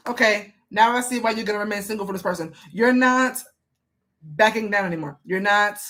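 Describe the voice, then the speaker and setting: A woman's voice: mid-range voice, a bit bright. A woman reading tarot cards for a viewer in a casual, chatty way, asking the cards questions aloud and speaking with emphasis. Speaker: tarot reader.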